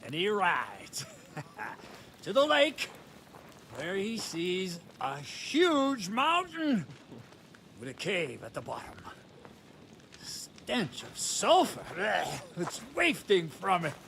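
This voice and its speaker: An actor voicing a boisterous medieval knight in a video game, telling stories in a hearty, theatrical way. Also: male voice, sits high, huge pitch swings, extremely slow, vocal fry, pauses often, fairly bright tone, slight background noise, heavily acted. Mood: jovial. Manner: hearty, theatrical, laughing storyteller. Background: faint game music.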